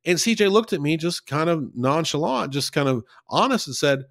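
A man's voice: fairly high pitch, lively intonation, normal speed, vocal fry, few pauses, fairly bright tone, no echo, clean studio sound. A man giving a conversational Bible study, talking in an earnest, folksy way and repeating points for emphasis.

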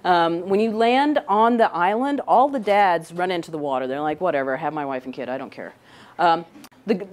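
Woman, middle-aged, marine scientist, casual classroom talk, chatty, pitch on the low side. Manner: chatty and lively, keeps checking in with "right?". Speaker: marine scientist giving a talk to young people. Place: indoor room with a couch.

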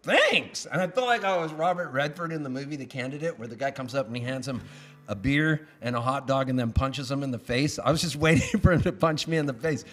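A man's voice: mid-range voice, fast talker. A man, a singer-songwriter, playing guitar live, singing and telling wry, self-mocking comic stories. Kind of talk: live song and comic storytelling.

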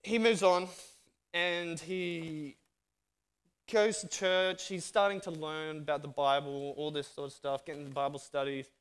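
A man with an Australian accent telling a story in a sermon, narrating lively and acting out the dialogue. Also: fairly high pitch, measured pace, smooth. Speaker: guest speaker.

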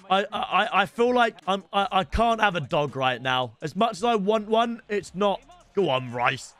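A young man giving casual, chatty commentary over his gameplay, now and then shouting excitedly at the game. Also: high-pitched. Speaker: streamer.

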